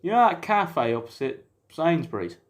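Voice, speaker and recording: A man's voice: on the high side, sing-song, normal speed. A young man, co-hosting a casual, jokey podcast chat and telling stories with a lot of slang and laughter. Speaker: podcast co-host.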